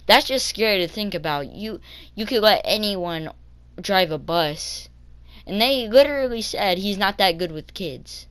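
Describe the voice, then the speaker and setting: A teenage boy telling a story for his vlog in a halting way, with many ums and restarts. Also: high-pitched, expressive, fairly bright tone, clean tone. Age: teens. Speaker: vlogger.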